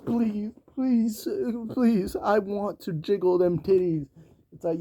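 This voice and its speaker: A man's voice: fairly high pitch, darkish tone, dry recording, clean studio sound. A man delivering a heated, profanity-laced commentary rant on video, talking in slang. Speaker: YouTube commentator.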